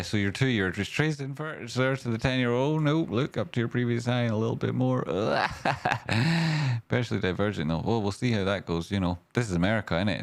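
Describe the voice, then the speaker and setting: A man hosting a live stream, chatting and thinking aloud as he walks through stock charts with jokey asides. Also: lowish voice.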